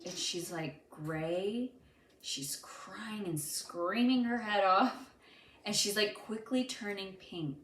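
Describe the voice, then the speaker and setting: A young woman and mother casually telling the story of a birth, animated and dramatic, with many fillers. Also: mid-range voice, slow pace. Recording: echoey room with faint background noise.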